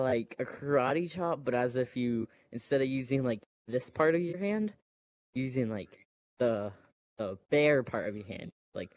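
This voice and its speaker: A man's voice: medium pitch, a little mellow, dry recording. A man casually retelling a movie plot, rambling and full of fillers. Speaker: storyteller.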